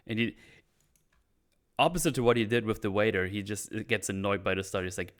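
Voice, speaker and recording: A man's voice: on the low side, brisk. A man hosting a casual show chat, animatedly retelling TV scenes and acting out the dialogue. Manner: animated retelling with quoted voices and stutters. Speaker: podcast host recapping a TV show.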